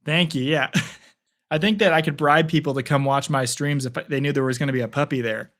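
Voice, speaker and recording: A man's voice: a little high, fairly quick, fairly bright tone. Chatty man streaming live play-by-play. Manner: chatty, rambling, talks to viewers. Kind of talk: casual live play-by-play and chat. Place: at home. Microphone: phone propped on a picture frame.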